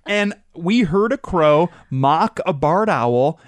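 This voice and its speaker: A podcast host tells stories in a loose, chatty way and mimics the sounds in them. The voice sits at a middle pitch. It comes across dry and close to the mic. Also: takes it slowly, no echo. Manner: chatty, animated storyteller who imitates sounds. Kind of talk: casual storytelling chat.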